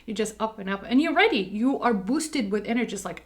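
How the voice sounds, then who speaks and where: A woman's voice: on the high side, expressive, fairly quick. A middle-aged woman talking candidly and emphatically to camera, full of "like" and "okay.". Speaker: dental practice staff speaking on camera. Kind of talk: casual personal talk to camera.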